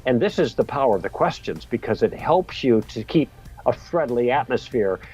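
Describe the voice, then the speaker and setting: Middle-aged male podcast guest, husky, telling an anecdote in a friendly way, lo-fi sound with faint music under it. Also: medium pitch, lively intonation, normal speed, darkish tone. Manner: friendly, chuckles while telling the story. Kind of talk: storytelling in an interview.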